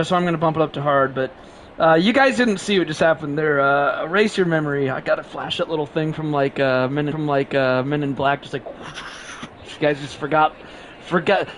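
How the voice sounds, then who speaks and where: A man's voice: on the high side, fairly quick, fairly bright tone, a little hiss or hum. A man streaming a racing game live, chatting casually and rambling with frequent laughs, sleep-deprived and coughing.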